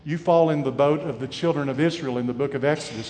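A high-pitched man preaching with strong emphasis, his delivery swinging between loud peaks and hushed stretches. His voice rings with the long reverb of a large hall. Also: quick pace. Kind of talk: sermon.

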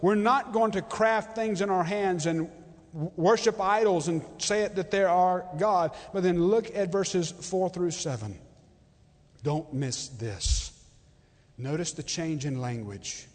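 A man with a high voice preaches in a church sanctuary, swinging from loud, fervent declarations to near-whispered readings. His words ring out with a long hall reverb behind them. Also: a little slow. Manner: impassioned, swings between loud and hushed. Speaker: pastor. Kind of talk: sermon.

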